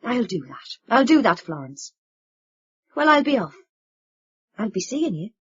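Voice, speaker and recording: Woman playing older Irish dad, lilting and confiding, husky, dull sound. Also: on the high side, sing-song, a little slow, a bit bright, full character voice. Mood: hushed. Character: older Irish father, warm, rambling, self-mocking man.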